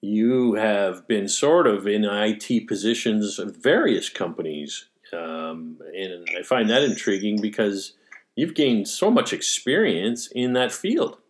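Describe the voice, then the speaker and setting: A man interviewing an old colleague in a relaxed chat, rambling through memories with many restarts and fillers. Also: fairly low pitch, takes it slowly. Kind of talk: casual conversation.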